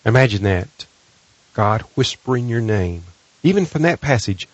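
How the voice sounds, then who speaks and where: A man's voice: medium pitch, animated, moderate pace, breathy edge, dry recording. A man hosting a Christian radio program, giving pastoral reflections and lifting his voice for announcements. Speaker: radio host. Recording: slightly dull, dry studio.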